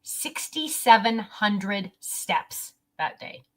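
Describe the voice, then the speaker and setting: A middle-aged woman shares a family outing straight to camera in a loose, chatty vlog. Her voice sits a little high and rings bright and forward. She keeps slipping into little put-on voices for her relatives and laughing along. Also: sing-song, unhurried, few pauses, husky. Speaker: vlogger. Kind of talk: casual storytelling vlog.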